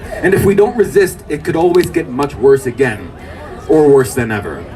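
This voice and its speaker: A man's voice: medium pitch, expressive, moderate pace. Impassioned man speaking at a street rally. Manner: impassioned, rising to shouts. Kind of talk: speech to an outdoor crowd. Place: outdoor city rally. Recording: distant livestream mic with crowd behind.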